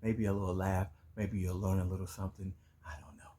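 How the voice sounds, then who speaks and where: A man's voice: deep voice, flat delivery, fast talker, warm tone, breathy edge. A playful middle-aged man who hosts a family channel and laughs as he stumbles through Italian words his daughter quizzes him on. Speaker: vlog host, learner quizzed in Italian. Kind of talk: casual family chat.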